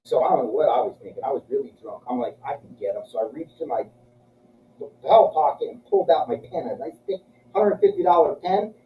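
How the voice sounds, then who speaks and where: A man's voice: mid-range voice, sing-song, brisk, slight background noise. Profane man telling stories, echoey. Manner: crude, profane, acts out voices in his stories. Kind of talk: casual storytelling chat. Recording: echoey, muffled room from a distance.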